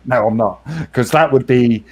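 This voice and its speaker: A man's voice: medium pitch, slow pace, slightly rough, rough recording. A man with a New Hampshire accent hosting a casual stream, rambling and laughing at himself. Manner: rambling, self-deprecating, laughs often. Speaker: stream host. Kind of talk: casual chat.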